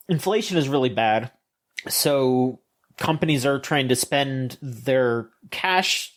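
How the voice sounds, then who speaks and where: A man co-hosting a video game podcast, ranting in opinionated casual chat with frequent restarts, fillers and swearing. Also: mid-range voice. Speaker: podcast co-host.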